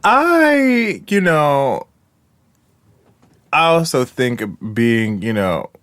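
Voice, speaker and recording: A man's voice: on the high side, sing-song, drawn-out words, fairly bright tone, dry recording. A man co-hosting a podcast in casual chat, playful and riffing on catchphrases. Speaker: podcast co-host.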